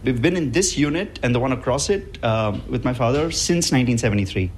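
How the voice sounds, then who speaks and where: Casual, halting male business owner. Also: medium pitch, lively intonation, a little mellow, a little hiss or hum. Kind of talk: interview answers.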